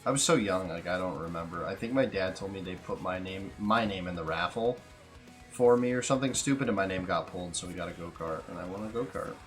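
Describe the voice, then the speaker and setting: A young man co-hosting a casual podcast chat, telling profane, animated stories. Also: deep voice, fast, faint music behind. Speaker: podcast co-host.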